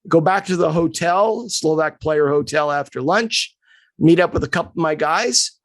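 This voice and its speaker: Gravelly-voiced man telling a story. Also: on the high side, normal speed, dry recording. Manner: animated storyteller, acts out quotes. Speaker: sports agent. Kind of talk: podcast storytelling.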